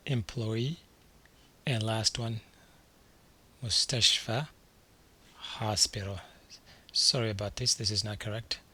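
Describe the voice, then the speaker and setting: A man's voice: on the low side, sharp tone, husky. A man teaching a beginner language lesson over slides, patiently repeating each word and checking in with the learner. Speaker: Arabic teacher.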